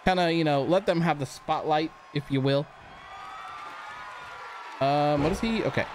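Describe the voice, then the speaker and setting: Excitable high-voiced man playing a game. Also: measured pace, a faint crowd. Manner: excitable, reacts loudly to the game, talks to characters. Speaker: gaming channel host. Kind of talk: let's play commentary. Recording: clear background noise.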